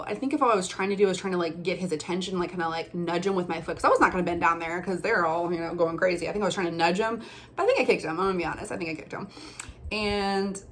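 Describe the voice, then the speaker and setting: A woman's voice: on the low side, fast talker, a bit bright, a little hiss or hum. Chatty young woman storyteller. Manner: chatty, many fillers and restarts. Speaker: storyteller, former bartender. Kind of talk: casual storytelling vlog.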